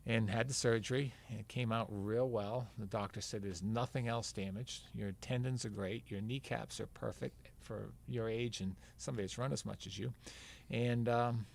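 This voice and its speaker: Gravelly older man telling a story. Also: medium pitch, steady tone, moderate pace. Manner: rambling, acts out quoted dialogue. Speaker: podcast guest, veteran marathon runner. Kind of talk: casual anecdotal storytelling.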